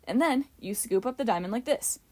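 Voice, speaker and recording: A woman narrating an audiobook, voicing a cheeky boy who bosses everyone around like a film director with imperious, theatrical yelling. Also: a little high, expressive, fairly quick. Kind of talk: audiobook character voice.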